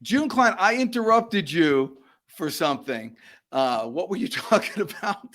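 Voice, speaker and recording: A man's voice: sits high, animated, unhurried, a bit bright. A man hosting a live online show over a video call, joking and rambling with frequent stumbles and laughs. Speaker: livestream show host. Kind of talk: casual live show banter.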